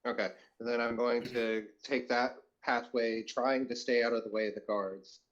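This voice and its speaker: A man's voice: medium pitch, little pitch movement, moderate pace, fairly bright tone, lo-fi sound. Eager man playing a tabletop game. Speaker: player.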